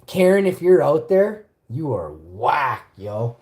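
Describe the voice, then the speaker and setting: A woman from Winnipeg, telling a story on a casual livestream, animated and swearing, acting out the quotes. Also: deep voice, slow, roomy sound. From Winnipeg, Canada.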